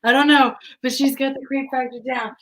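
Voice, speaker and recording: A woman's voice: sits high, normal speed. A woman, hosting a casual chat and telling stories with lots of laughter. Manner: animated storyteller who laughs often. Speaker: host.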